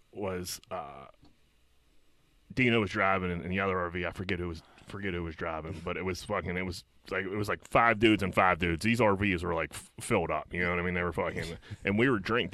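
Low-voiced man telling a rowdy story. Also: steady tone, fairly quick, pushed and bright, dry recording. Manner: rambling, swears constantly, laughs through his stories. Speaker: storyteller among friends. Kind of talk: casual chat.

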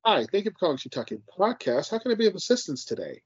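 A peppy, level-toned customer service rep greets a caller, as a man puts on his work voice. The voice is fairly high for a man. It comes over a dull, dry podcast recording. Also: sing-song, fast, husky, no echo, exaggerated voice. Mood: chipper. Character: upbeat polite male customer service phone rep.

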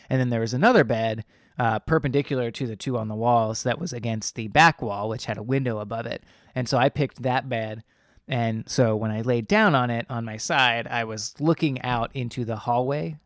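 A man's voice: mid-range voice, no room sound, clean studio sound. Young man telling a rambling personal story. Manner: rambling and earnest, with many fillers.

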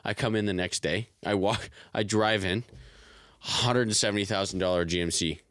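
A man's voice: fairly low pitch, steady tone, moderate pace, fairly bright tone, no room sound, studio quality. A young man casually telling a profane story on a podcast and laughing often. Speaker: podcast co-host. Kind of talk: casual chat.

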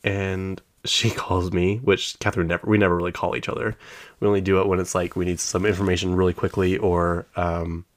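Deep-voiced man rambling on his podcast. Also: level tone, brisk. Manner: rambling, drifts off topic with many fillers; chatty storyteller who laughs often. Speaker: podcast host. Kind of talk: casual solo podcast chat. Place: his home podcast room.

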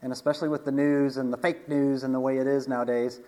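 A man's voice: mid-range voice, little pitch movement, fast, warm tone, rough recording. A man preaching in a casual storytelling manner, chatty, with frequent asides, restarts and laughs.

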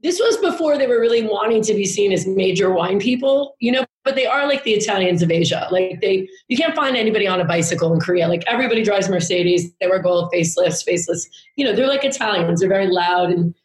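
A woman tells a long story in a loose, rambling way, cursing without a second thought. Her voice sits at an ordinary middle pitch. The recording has a roomy echo around it. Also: expressive, quick pace, few pauses. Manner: candid, rambling, swears freely. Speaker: podcast guest. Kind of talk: casual storytelling chat.

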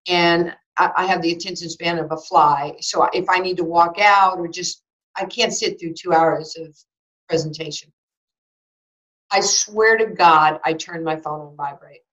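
A woman's voice: fairly low pitch, unhurried. Woman in her sixties telling a story. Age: 60s. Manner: animated, acts out both sides of conversations, frequent restarts. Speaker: former basketball player and sports broadcaster. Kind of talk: personal storytelling in an interview. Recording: slightly dull lo-fi audio.

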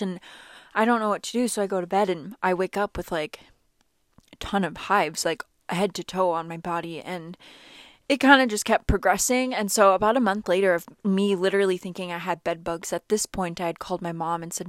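A woman's voice: lowish voice, moderate pace, no room sound, studio quality. A young woman vlogger telling a personal story in a chatty, casual way, full of "like" fillers. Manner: chatty, animated, many "like" fillers.

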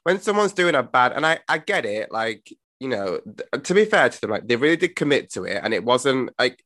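A man's voice: medium pitch, big pitch swings, brisk, fairly bright tone, no echo. A man co-hosting a casual film review chat, emphatic and blunt, fond of repeated rhetorical questions. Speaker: podcast co-host.

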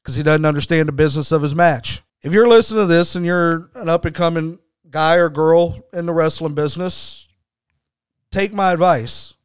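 A man with a fairly high, smooth voice tells a story for his podcast. He talks bluntly and hammers his points home with repetition and swearing. The sound is close and dry. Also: moderate pace, no echo. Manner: emphatic, blunt, swears freely. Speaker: podcast host. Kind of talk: storytelling commentary.

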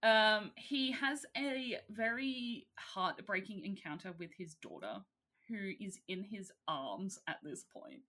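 A woman casually recapping a film plot in lively storytelling, with fillers and the odd swear. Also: medium pitch, slow pace. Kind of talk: casual chat.

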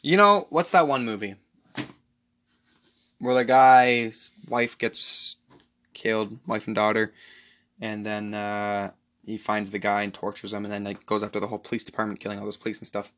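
A man hosting a solo podcast, rambling excitedly and profanely through a movie recap. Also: lowish voice, normal speed, pauses often. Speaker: podcast host.

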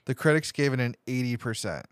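A man in an ordinary middle pitch, hosting a movie podcast and working through his notes. He rambles and restarts his sentences. The sound is dry and close, with no room around it. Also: lively intonation, a little fast, clear, resonant tone, no echo. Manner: rambling, reads cast notes with fillers and restarts. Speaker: podcast host. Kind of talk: casual movie podcast chat.

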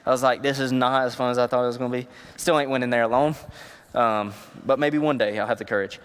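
A youth pastor preaching a sermon, telling personal stories in a conversational, emotional way. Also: male voice, mid-range voice, steady tone, fast talker, a bit bright, clean tone, in a large hall.

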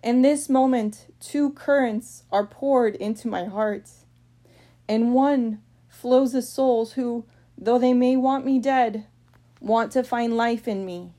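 A woman's voice: fairly high pitch, slow pace, dark tone. A woman voicing the suffering Jesus in a devotional reading, speaking in a raised, pleading and impassioned way. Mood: anguished.

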